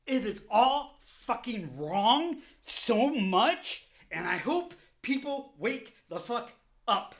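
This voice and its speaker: This vlogger's voice is very high-pitched and a bit bright, very animated yet slow in pace. He rants about politics in open fury, swearing and repeating himself heatedly.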